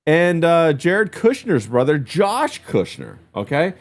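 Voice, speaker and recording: A man's voice: a little high, big pitch swings, slow. A man hosting a casual livestream, reading viewer comments in a loose, chatty way. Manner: loose and chatty, lots of "uh" and "bro". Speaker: stream host.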